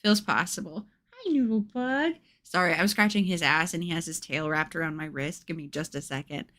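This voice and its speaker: Hosting a livestream, a young woman mixes chatty, playful talk with a read-aloud of a spooky children's book, breaking off to coo at her cats. She has a deep voice with a steady, bright and forceful tone, and she speaks briskly.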